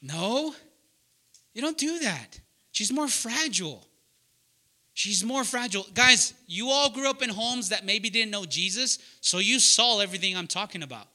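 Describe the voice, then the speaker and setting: A man preaching loudly and emphatically to young adults, often asking the room to fill in words. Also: high voice, animated, moderate pace. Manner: loud, emphatic, asks the room questions. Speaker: pastor teaching young adults. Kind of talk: sermon.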